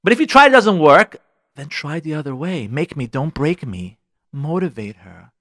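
A man's voice: a little high, big pitch swings, normal speed, a bit bright, no echo, studio quality. A man hosting a radio advice show, talking frankly and getting worked up as he addresses listeners directly. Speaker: radio show host giving marriage advice. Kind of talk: animated advice talk.

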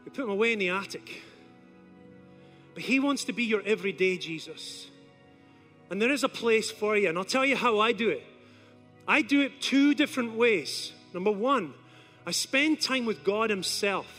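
Male preacher telling a story in his sermon, super high bright voice, really animated. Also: moderate pace, long pauses, faint music behind. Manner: animated, acts out stories.

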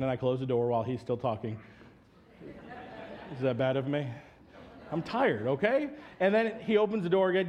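A man's voice: medium pitch, fairly quick, darkish tone, highs cut off. A man preaches a sermon in a mid-range voice. He tells funny family stories and then turns earnest and direct with his listeners. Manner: humorous storytelling, then earnest teaching. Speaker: pastor.

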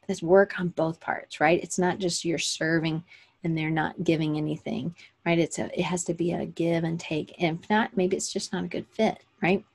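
A woman with a lowish, slightly rough voice and fairly even intonation hosts a livestream for creative business owners at normal speed. Her casual chat rambles, with many fillers and self-corrections.

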